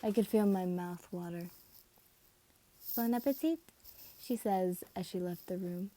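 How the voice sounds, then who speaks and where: A woman's voice: fairly low pitch, steady tone, moderate pace, mellow. A woman reading a fan story aloud in a casual way, stumbling and correcting herself as she goes. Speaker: reader.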